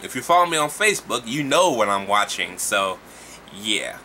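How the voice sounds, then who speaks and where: A man giving a casual, profane movie review, talking in an animated, exasperated way. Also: fairly low pitch, moderate pace, slight background noise.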